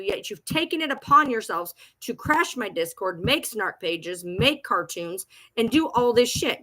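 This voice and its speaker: A woman's voice: fairly high pitch, pushed and bright. A woman at home ranting on a livestream, agitated and profane, repeating herself as she talks back to critics. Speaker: TikTok creator. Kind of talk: livestream rant.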